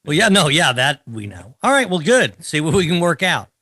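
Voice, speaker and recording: A man's voice: fairly high pitch, moderate pace, no room sound. A man, co-hosting a casual podcast, telling stories with wry teasing. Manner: animated storytelling, wry teasing. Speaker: co-host.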